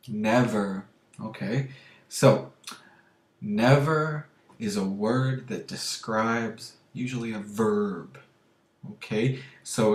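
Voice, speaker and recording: In an echoey space, a man with a fairly low pitch walks English learners through grammar at a slow, deliberate pace. He regularly pauses to ask "okay?" to make sure they follow.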